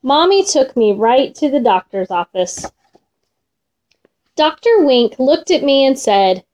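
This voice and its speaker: A woman reading a children's storybook aloud in an expressive, gentle way. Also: sits high, unhurried, highs cut off.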